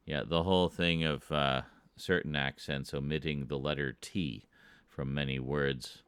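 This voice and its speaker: A man's voice: a bass voice, steady tone, a little slow, a bit bright, smooth. A British man streaming, chatting casually with his chat and joking, often chuckling at his own jokes. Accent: British English. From Britain.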